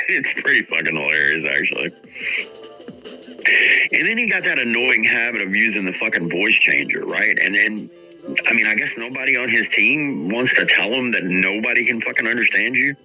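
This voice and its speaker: A man hosts a stream in a bright, sharp voice, his pitch leaping around as he rants. He mocks and swears constantly in a combative, profane tirade. Faint music sits under his voice. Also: sing-song, moderate pace, pauses often, rough recording. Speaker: streamer host. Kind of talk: profane ranting commentary.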